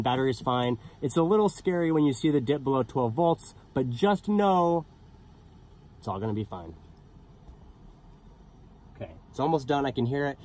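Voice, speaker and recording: A young man filming a casual cooking vlog in his camper van, chatting to viewers with enthusiasm. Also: medium pitch. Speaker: van life vlogger.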